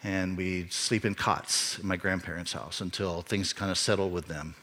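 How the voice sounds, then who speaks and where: Middle-aged guy preaching, bright tone, personal and earnest, gets loud at the big moments. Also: low voice, steady tone, moderate pace. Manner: earnest, personal, rising to emphatic peaks. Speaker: pastor. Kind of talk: sermon storytelling. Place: church.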